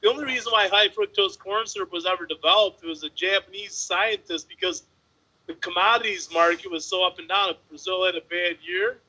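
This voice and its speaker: A man with a high, bright voice rants emphatically in casual podcast chat. As a bodybuilder guest, he drives his points home with mild crudeness. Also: fairly quick, low-quality recording. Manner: emphatic, ranting, mildly crude.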